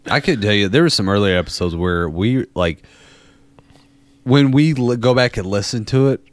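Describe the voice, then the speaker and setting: Brief: relaxed man in his thirties, joking podcast co-host, low voice, dry sound. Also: normal speed, dry recording. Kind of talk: casual chat.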